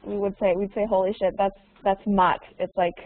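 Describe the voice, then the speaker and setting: A woman's voice: medium pitch, little pitch movement, a little fast. Woman teaching over a tinny video call. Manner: patient, repeats questions, slips in Russian words to explain. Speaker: English teacher. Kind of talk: online conversation lesson. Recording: tinny, narrow call audio with faint noise.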